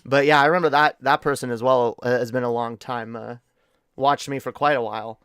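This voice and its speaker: A man streaming while tipsy, giving boastful, excitable, profane commentary on his old footage. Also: mid-range voice, a little fast, smooth, no echo, studio quality. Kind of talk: reaction livestream commentary.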